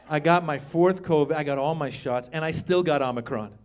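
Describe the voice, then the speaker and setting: A man in his fifties performing stand-up comedy, chatting with the crowd and shouting his punchlines. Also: on the high side, brisk, few pauses, a little hiss or hum. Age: 50s. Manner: animated, shouts punchlines, acts out voices.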